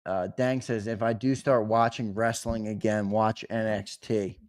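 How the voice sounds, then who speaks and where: A young man hosting a casual live stream, chatting with viewers and reading names off a list in a lively, teasing way. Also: on the low side, a little slow, dry recording, studio quality. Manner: lively, teasing, talks straight to chat with "brother". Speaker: host of a sports live stream.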